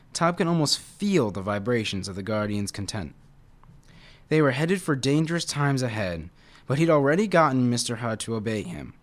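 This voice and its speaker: A man reading a children's novel aloud in a casual way, with slips and restarts. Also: mid-range voice. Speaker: reader.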